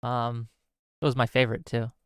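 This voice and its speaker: A man's voice: mid-range voice, monotone, normal speed, smooth, no room sound. A man hosting a livestream, reading out chat comments and ranting in a sarcastic, exasperated way. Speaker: streamer host.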